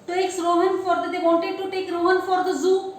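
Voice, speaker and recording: A woman's voice: extremely high pitch, flat delivery, normal speed. A woman teacher with an Indian English accent, giving a classroom lesson, repeating herself and asking the class questions. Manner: repetitive, asks the class questions. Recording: very echoey room, faint hiss.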